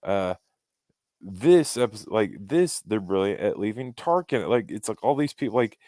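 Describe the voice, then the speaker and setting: A man's voice: lowish voice, expressive, moderate pace, dark tone, dry recording. A man co-hosting a casual podcast chat, rambling with many restarts as he makes his points. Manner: rambling, restarts often, fan opinions. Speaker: podcast co-host.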